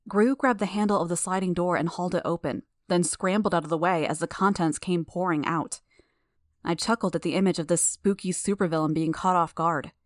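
A woman narrating a fan audiobook in a steady, measured first-person reading. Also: on the low side, dry recording, clean studio sound.

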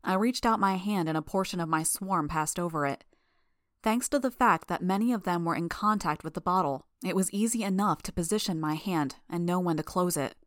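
A woman giving a measured first-person audiobook narration. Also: lowish voice, no room sound, clean studio sound.

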